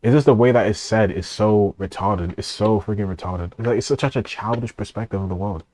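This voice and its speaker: A man's voice: fairly low pitch, brisk, darkish tone, a little hiss or hum. A man streaming and reacting to a video, rambling and swearing with frequent laughs. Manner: rambling, profane, laughs often.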